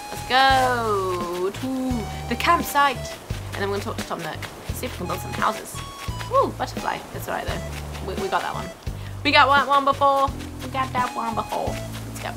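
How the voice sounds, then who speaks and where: A woman giving casual, gushing and giggly commentary over her gameplay. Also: mid-range voice. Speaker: gaming YouTuber. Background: game music.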